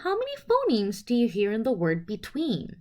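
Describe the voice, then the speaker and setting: A woman presenting a phonics lesson, speaking clearly and sounding out each letter and sound one at a time. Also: a little high, huge pitch swings, moderate pace, darkish tone. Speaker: teacher presenting a literacy lesson. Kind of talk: instructional presentation.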